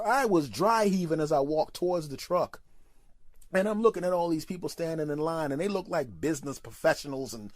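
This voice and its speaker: A man ranting through a comic story on his podcast, brash and profane, with a fairly high voice for a man. He swings into quick voices for his friends, and the sound is dry and close. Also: lively intonation, no echo. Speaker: comedian podcast host. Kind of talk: storytelling comedy monologue.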